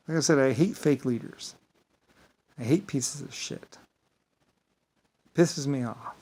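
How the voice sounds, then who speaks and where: A man's voice: medium pitch, slow, long pauses, sharp tone, slightly rough, rough recording. Male vlogger, rambling grandiose monologue, swears freely, mid-range voice.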